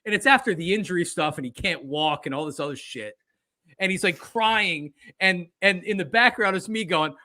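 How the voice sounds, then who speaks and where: A podcast host who used to work in sports radio chats casually about sports, telling stories with animation and acting out quotes amid plenty of fillers. His voice is high-pitched, his pace moderate, and the recording is dry.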